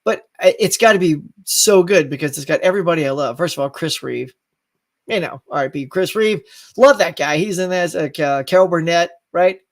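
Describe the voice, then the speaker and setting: A man's voice: on the high side, moderate pace. A man hosting a live stream show, chatting casually, reading viewer comments, laughing often and going off on tangents.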